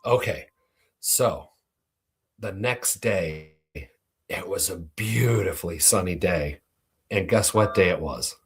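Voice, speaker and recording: Brief: low-voiced host, husky, relaxed and swearing as he tells his story. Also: slow, long pauses. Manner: laid-back, profane. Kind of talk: casual storytelling.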